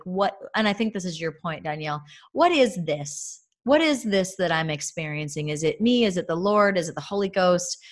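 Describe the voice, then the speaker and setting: A woman in her thirties, a podcast co-host and mother, talking earnestly and reflectively about faith, with many fillers. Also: on the low side. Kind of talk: casual faith-based podcast talk.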